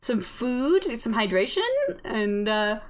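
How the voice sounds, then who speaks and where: A woman's voice: medium pitch, animated, a little slow, lightly acted. A woman voicing a concerned, skeptical adult who soothes and doubts the kids in a tabletop game.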